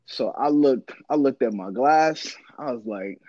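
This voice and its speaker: A man's voice: medium pitch, moderate pace, hardly any pauses, no echo, dull audio. A man chatting casually with friends and telling a story in slangy talk, acting out the voices. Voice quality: slangy, animated, acts out voices.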